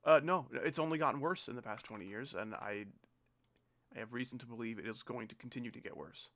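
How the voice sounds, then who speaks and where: A man's voice: medium pitch, fast, a bit bright. A young man rambles through a casual stream, dry and sarcastic. His talk drifts from greeting viewers to teasing slang he finds silly. He speaks close to a desk mic.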